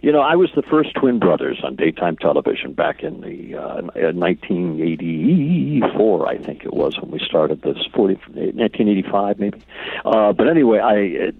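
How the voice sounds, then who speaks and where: A middle-aged man spins an anecdote with animated, mock-grand flair. His lowish voice swings widely in pitch and has a husky edge. It comes through a dry, tinny phone line. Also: normal speed, no room sound. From Connecticut, United States. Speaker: actor and guest. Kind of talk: casual anecdote telling.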